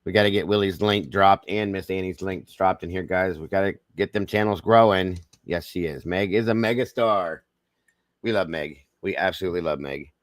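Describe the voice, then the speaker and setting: A man with a Southern American drawl hosts a casual livestream and greets his chat by name in a folksy, easygoing way. His voice sits low, and the sound is dry and close to the mic with no room echo. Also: normal speed. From Southern United States. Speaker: livestream host.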